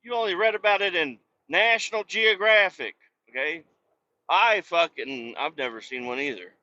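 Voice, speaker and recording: A foul-mouthed trucker rants and mocks from the cab of his truck, his voice bright and a touch high. He rambles between yelling and mumbling asides. The recording is dull and lo-fi. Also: normal speed. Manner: profane, mocking, rambling. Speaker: truck driver and podcast host. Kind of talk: profane rant while driving. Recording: dull lo-fi sound.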